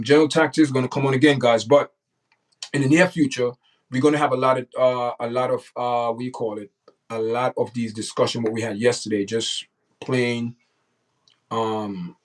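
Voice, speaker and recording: A man's voice: medium pitch, far from the mic, rough recording. A man hosting a casual livestream, talking straight to his chat and repeating himself. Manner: repetitive, talks straight to the chat. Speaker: livestream host.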